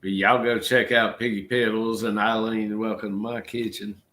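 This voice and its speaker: A middle-aged man from Georgia with a Southern accent hosts a casual livestream chat. His voice sits a little low, and his talk is folksy and rambling, full of y'all. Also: flat delivery, normal speed, sharp tone. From Georgia, USA. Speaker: channel host.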